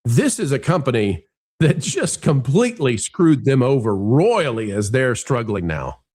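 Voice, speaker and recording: A man hosting an entertainment news show, talking in an emphatic, wry way with quick asides. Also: medium pitch, big pitch swings, a little mellow, slightly rough. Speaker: show host. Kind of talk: animated news commentary chat.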